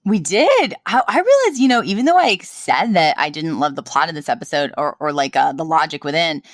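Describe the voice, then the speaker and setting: Give me a woman co-hosting a chatty podcast. Her voice sits on the low side, and she recaps a sitcom in a lively way, full of quick restarts and laughter. The sound is dry and close, with no room to it. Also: no echo. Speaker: podcast co-host.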